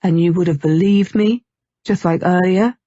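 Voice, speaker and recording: A woman's voice: fairly low pitch, steady tone, normal speed, warm tone, no room sound, muffled recording, lightly acted. A woman reading a brooding undead young man. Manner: gloomy, terse, frustrated. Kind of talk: audiobook character reading.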